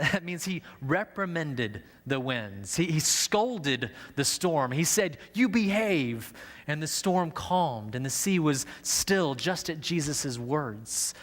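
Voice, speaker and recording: A man's voice: a little high, fairly bright tone. A male pastor preaching a sermon in an earnest way, often stumbling and repeating words as he explains. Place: church sanctuary. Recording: long church-hall reverb.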